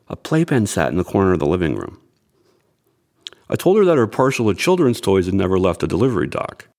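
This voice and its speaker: Playing a young amateur detective who tells his own tale, an actor narrates an audio drama with measured tension. His delivery is low-pitched and darkish in tone.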